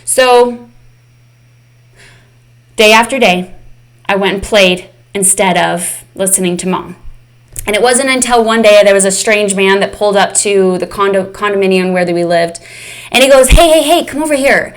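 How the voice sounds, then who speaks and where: In a mid-range voice at a normal speed, a woman coaching fitness and mindset speaks candidly and with emotion during a live online session. She pauses often and talks right to "you guys."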